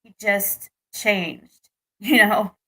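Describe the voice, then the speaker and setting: A young adult American vlogger tells her viewers a rambling story about her dating life, restarting often and venting her frustration. Her mid-range voice is a bit bright and extremely slow.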